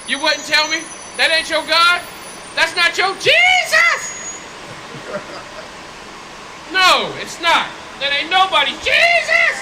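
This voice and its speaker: A man street preaching outdoors, loud and confrontational, firing rhetorical questions at passersby. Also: very high voice. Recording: street noise behind.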